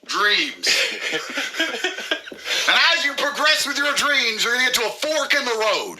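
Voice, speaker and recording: Man, comedic podcast co-host, high lively voice, very bright tone, mock-serious ranting. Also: slow pace, slight background noise, poor audio.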